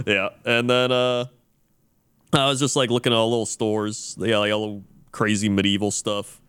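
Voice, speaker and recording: A man's voice: fairly low pitch, little pitch movement, moderate pace, fairly bright tone, clean tone. A man co-hosting a podcast, telling a rambling story in casual chat full of fillers and restarts. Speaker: podcast co-host.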